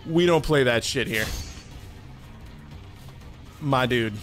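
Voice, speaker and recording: A young man giving excitable, profane live commentary while streaming a video game. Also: mid-range voice, slow, soft background music.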